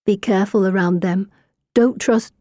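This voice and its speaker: A woman reading a story aloud, voicing an anxious schoolgirl who speaks in a hushed, shaky, warning way. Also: mid-range voice, steady tone, normal speed, no echo, studio quality, natural voice. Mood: uneasy. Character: anxious, guarded girl at a boarding school.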